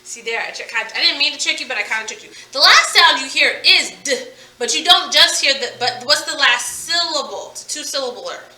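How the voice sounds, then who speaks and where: A woman's voice: sits high, animated, fairly quick, pushed and bright. A woman teaching a phonics lesson, playfully stretching and stressing the sounds in each word. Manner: playful, over-enunciating target sounds. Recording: echoey room, distant from the mic.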